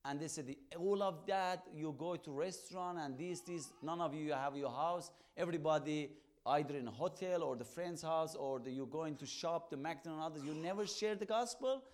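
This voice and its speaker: Guy with a pretty high voice telling his testimony, acts out the back and forth, broken-ish english, gets loud in spots. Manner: emphatic, acts out both sides of dialogues; halting non-native English phrasing. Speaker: evangelist. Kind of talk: testimony storytelling.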